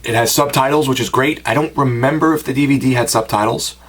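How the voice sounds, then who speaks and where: A man's voice: medium pitch, fast, a crowd in the background. An American man giving a casual, rambling home-video review with personal asides. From United States. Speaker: film reviewer and collector.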